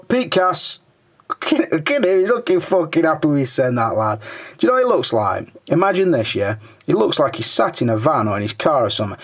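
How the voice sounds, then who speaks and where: A middle-aged man hosting his own toy review channel, reading viewer comments in a casual chat. He jokes crudely, swears a lot and mutters under his breath while scrolling. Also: medium pitch.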